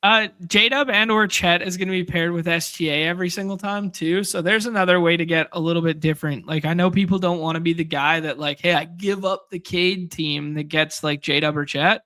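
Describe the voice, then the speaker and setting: A man's voice: high voice, steady tone, a little fast, few pauses, sharp tone, smooth, dry recording. A man co-hosting a podcast, casually chatting through fantasy sports picks and thinking aloud. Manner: rambling, restarts while thinking aloud. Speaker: podcast co-host.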